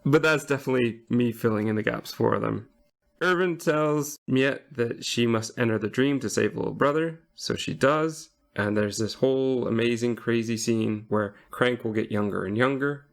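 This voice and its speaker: A man co-hosts a casual film podcast with a gravelly edge to his mid-pitched voice. He talks in a measured, thoughtful way and softens his opinions with hedges. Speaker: podcast co-host. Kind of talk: casual film review chat.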